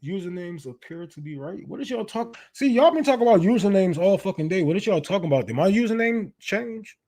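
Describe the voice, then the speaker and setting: A man's voice: high-pitched, lively intonation, a little fast, mellow. Loose, profane man chatting on a livestream. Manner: loose, profane, laughing often. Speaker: livestream host. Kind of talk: casual livestream chat.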